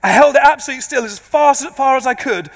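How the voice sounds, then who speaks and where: A man, a pastor preaching to a congregation, an animated and self-deprecating storyteller. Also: very high voice, fast. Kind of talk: sermon with humorous storytelling. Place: large church before a congregation. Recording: long reverb of a large church.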